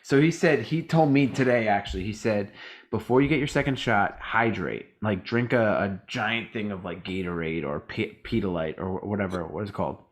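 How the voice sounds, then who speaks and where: Tired american dude on a podcast, rambling and ranting, swears a lot, does little voices for other people. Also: male voice, fairly low pitch, fairly quick. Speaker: podcast co-host. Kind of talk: casual chat.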